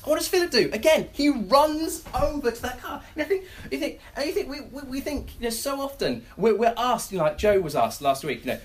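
A preacher giving a sermon, telling everyday stories with many restarts and quick acted-out asides. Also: high voice. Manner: animated storytelling with many restarts.

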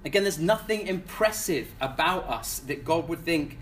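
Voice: medium pitch, animated, moderate pace, slight background noise. A preacher delivering a sermon in a casual, conversational way, often repeating words and putting questions to the congregation.

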